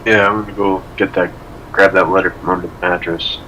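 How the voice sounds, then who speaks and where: A man playing a tabletop horror game, blunt with quick asides. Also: low voice, little pitch movement, sharp tone, slight background noise, poor audio. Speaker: player. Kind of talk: casual tabletop role-play.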